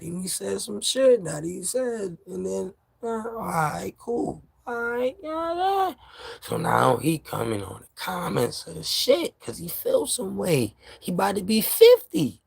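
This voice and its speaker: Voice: mid-range voice, gravelly, breathy edge, dry recording, clean studio sound. A vlogger from New York ranting to camera in casual, profane street slang, heated and laughing by turns.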